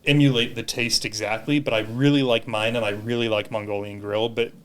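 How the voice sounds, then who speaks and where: A man from California hosting a podcast, chatting in a relaxed way with casual swearing. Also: fairly low pitch, a little fast. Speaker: podcast host. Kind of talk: casual conversation.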